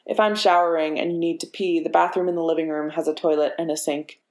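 A woman's voice: deep voice, fairly even intonation, fast talker, a little mellow, natural voice. A woman voicing Steve, an earnest young man giving a friendly, reassuring tour. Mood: gentle. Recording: echoey room.

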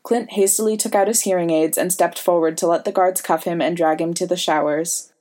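A woman narrating a fan fiction story in a steady storytelling manner. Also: on the low side, a little fast. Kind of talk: fan fiction audiobook reading.

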